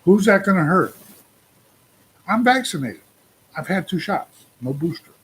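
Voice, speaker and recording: A man's voice: sits high, very animated, unhurried, a bit bright, slightly rough. A man in his sixties venting on a casual livestream, rambling and putting questions to his viewers. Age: 60s. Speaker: trucker livestream host.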